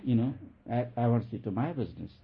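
A man giving a spiritual talk with an anecdote, speaking haltingly with many restarts and soft laughs. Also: medium pitch, animated, vocal fry, breathy edge. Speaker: spiritual teacher. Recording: tinny phone-like lo-fi recording.

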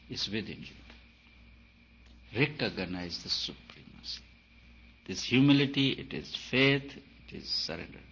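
A man giving a spiritual talk, emphatic and repetitive, his voice swelling and dropping in loudness. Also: fairly low pitch. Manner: emphatic, repeats phrases, rises and falls in loudness. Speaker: spiritual teacher. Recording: dull lo-fi recording with faint hiss.

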